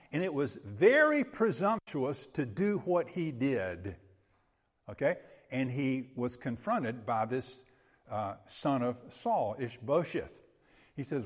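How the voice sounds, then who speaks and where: A man's voice: mid-range voice, breathy edge. A male pastor preaching an expository sermon in an emphatic, conversational way, often checking in with his listeners. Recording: long hall reverb.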